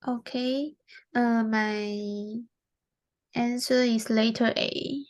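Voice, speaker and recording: A woman student, not a native English speaker, answers her tutor in short, hesitant bits over a video call. Her voice sits a little high and she speaks slowly. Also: steady tone. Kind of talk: online language lesson.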